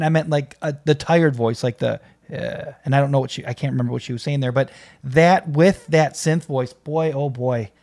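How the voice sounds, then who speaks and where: A man's voice: fairly high pitch, a little mellow. A man hosting a music reaction video, talking casually and enthusiastically with many fillers and restarts.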